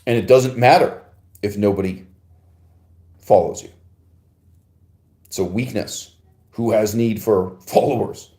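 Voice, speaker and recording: A man's voice: fairly low pitch, measured pace, pauses often, dark tone, echoey room. A man hosting a podcast, answering a listener's email in a digressive, emphatic philosophical monologue with frequent laughs and rhetorical asides.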